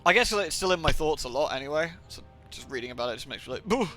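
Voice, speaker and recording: A man's voice: medium pitch, animated, fast, bright, forceful tone, soft background music. A young man from England rambling and swearing on a livestream, with lots of filler words. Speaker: streamer. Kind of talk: livestream gaming chat.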